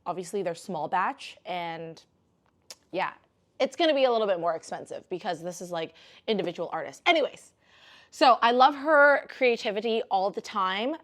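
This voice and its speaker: A young woman vlogging a jewelry unboxing in a chatty, rambling way, breaking into squealing bursts of excitement. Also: mid-range voice, normal speed. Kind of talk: casual unboxing vlog.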